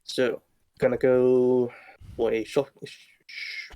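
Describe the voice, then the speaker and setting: A man's voice: medium pitch, flat delivery, slow, mellow, clean tone, no echo. A man playing a wizard in a tabletop game over a voice call, thinking aloud as he picks his moves. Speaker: player.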